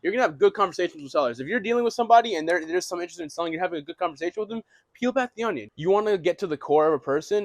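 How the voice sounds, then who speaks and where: A man's voice: on the high side, dry recording. A young man teaching real estate wholesaling in a casual, rambling way, with frequent restarts and casual swearing. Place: small room, writing on a board.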